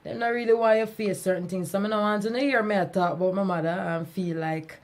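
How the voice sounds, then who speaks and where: A young Jamaican woman, a reggae singer, telling stories in an interview, animated and laughing often as she slips into patois. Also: mid-range voice, fairly quick. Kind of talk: storytelling interview chat.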